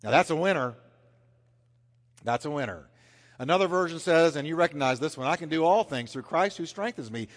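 A man preaches with a lively, rising and falling pitch, punching some phrases loudly and dropping others to a hush. His voice rings out with a long reverb, as in a church sanctuary. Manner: animated, swings between loud emphasis and hushed intensity. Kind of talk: sermon.

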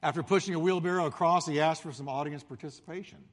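A male pastor preaches in a lively storytelling style, jumping into the voices of the people in his story. His voice sits a bit high for a man. The sound rings with the long reverb of a big hall. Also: fast talker. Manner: animated storytelling, acting out crowd voices. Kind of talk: sermon.

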